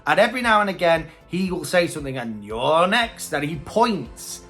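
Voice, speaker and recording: A male host chats through a casual review with bright, animated delivery. He hedges his opinions freely, with faint music behind. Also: fairly high pitch, a little fast. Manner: chatty, hesitant opinions.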